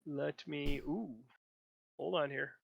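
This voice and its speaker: A man's voice: fairly high pitch, steady tone, slow, vocal fry, a little hiss or hum. A man narrating as game master, talking in a loose, chatty way with frequent restarts. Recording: slightly dull lo-fi mic.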